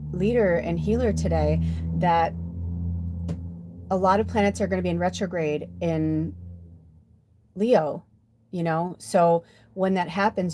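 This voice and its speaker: There's background noise behind this fairly low-pitched woman, an American in her fifties. A spiritual medium and oracle card reader, she rambles through heartfelt, chatty stories during a casual livestream.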